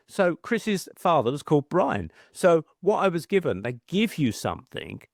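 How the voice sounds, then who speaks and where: A man's voice: fairly high pitch, very animated, normal speed, vocal fry, hardly any pauses, dry recording. Man telling stories, dry close sound. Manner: chatty anecdotal, acts out quoted voices. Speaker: podcast guest. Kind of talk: casual storytelling.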